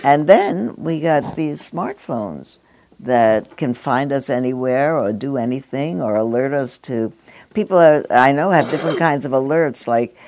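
Very deep-voiced older woman, musing aloud. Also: expressive, measured pace, darkish tone, a little hiss or hum. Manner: rambling, digressive, with conversational asides. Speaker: speaker addressing a gathering. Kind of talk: reflective spoken address.

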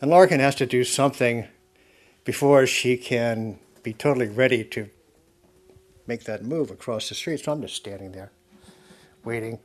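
A man shares a personal story with a listening group in a reflective spoken talk. He muses aloud, restarting and correcting himself as he goes, and breaks into soft laughs now and then. His voice sits at an ordinary middle pitch for a man. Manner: halting and self-correcting, with frequent soft laughs; musing and conversational.

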